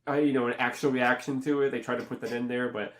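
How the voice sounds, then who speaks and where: Fast-talking and a bit bright, this man delivers a flat, casual film review that rambles with fillers and restarts. His pitch still jumps up when he mimics reactions.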